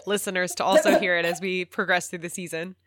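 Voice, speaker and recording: A woman's voice: fairly low pitch, fairly even intonation, fast talker, a bit bright, slight background noise. A woman co-hosting a podcast, chiming in easily during a recap chat. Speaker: podcast co-host.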